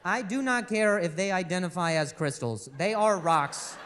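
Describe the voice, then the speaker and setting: A man performing stand-up, his voice sitting high and swooping widely as he tells a story. His delivery is exasperated and mock-outraged, with a faint hum of noise behind him. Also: animated, moderate pace, fairly bright tone. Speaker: stand-up comedian. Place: live comedy stage before an audience.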